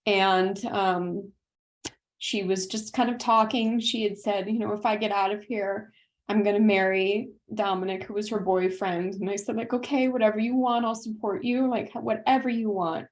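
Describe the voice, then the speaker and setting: A woman's voice: mid-range voice, steady tone, moderate pace. A woman in her thirties from South Carolina, a podcast guest telling an earnest, tearful personal story. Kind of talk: personal conversation.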